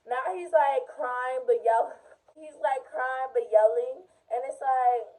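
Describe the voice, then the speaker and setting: A hoarse young woman with a cracking voice, animated and profane, telling a casual storytime. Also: high-pitched, takes it slowly. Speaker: vlogger.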